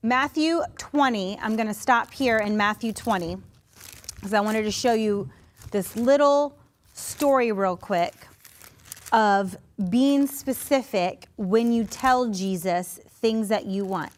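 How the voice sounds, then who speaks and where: A woman preaching a sermon, her voice sitting a bit high. She talks in an unhurried, conversational way, with restarts, asides and little acted-out voices. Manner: conversational, animated, acts out quoted voices. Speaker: pastor.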